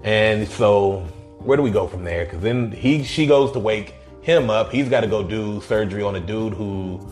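A man's voice: fairly low pitch, moderate pace, soft background music. A man co-hosting a casual podcast, recapping a movie with lots of laughter and acted-out lines. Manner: animated, laughing, acts out lines from the film. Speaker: podcast co-host.

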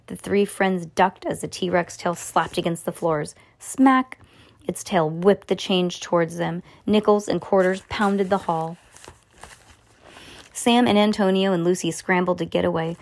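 A woman reading a children's chapter book aloud, stumbling and rereading as she goes, giving the characters lively voices. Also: on the low side, measured pace. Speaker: reader.

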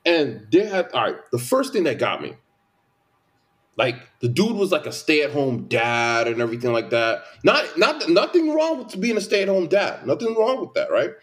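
Animated high-voiced man ranting. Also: moderate pace. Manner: animated, repetitive, emphatic complaints. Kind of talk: casual opinion chat.

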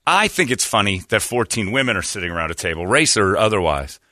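Crude, mocking man with a bright voice. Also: fairly low pitch, very animated, fast, dry recording. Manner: crude, mocking, laughs often. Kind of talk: casual comedy podcast chat.

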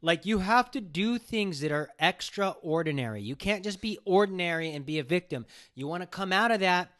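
Podcast dude, bit high voice, blunt, swears a lot. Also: male voice, expressive, moderate pace, a bit bright. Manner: blunt, swears freely, agreeing. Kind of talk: casual chat.

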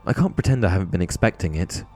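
A man voicing a mournful, resigned old male ghost who speaks quietly. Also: deep voice, lively intonation, fast, soft background music.

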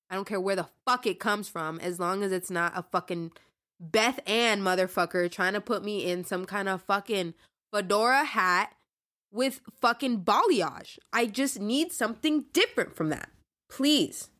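A woman's voice: medium pitch, a bit bright. A young adult woman hosting a casual monologue podcast, ranting animatedly and swearing freely. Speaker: podcast host.

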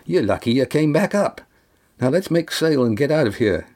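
A man reading an audiobook, voicing a calm young sailor with a dry, plain way of talking. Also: medium pitch, normal speed, voice pushed up, close to an everyday voice.

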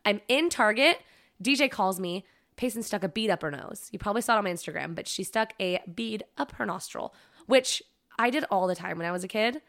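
Woman, podcast co-host, casual chat, bright tense voice, bubbly storyteller. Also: mid-range voice, lively intonation. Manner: bubbly, quick storytelling with lots of fillers.

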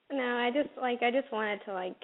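A woman calling in to a radio show, speaking hesitantly and with frequent giggles. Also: on the high side. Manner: hesitant, giggly, soft-spoken. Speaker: caller. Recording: tinny phone line.

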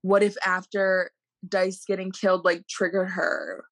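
A woman's voice: fairly low pitch, level tone, a little slow. A woman co-hosting a podcast, bantering playfully and with sass about a film. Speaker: podcast co-host. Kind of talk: casual movie review chat.

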